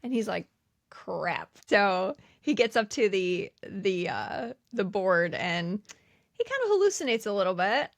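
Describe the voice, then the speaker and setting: Gravelly-voiced woman recapping a movie. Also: mid-range voice, sing-song, no room sound. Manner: chatty, recounts scenes with quick quoted bits. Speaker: podcast co-host. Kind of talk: casual movie recap chat.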